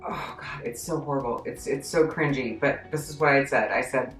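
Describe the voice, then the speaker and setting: A woman telling a story from her job in a chatty, self-deprecating, animated way for her vlog. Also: a bass voice, a little fast, faint music behind. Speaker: vlogger recounting a job story. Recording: echoey room.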